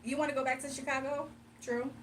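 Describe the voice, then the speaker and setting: A woman's voice: high voice, level tone, fast talker, distant mic, slight background noise. A young woman hosting a casual livestream, reading viewer comments aloud, teasing them and laughing often. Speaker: livestream host.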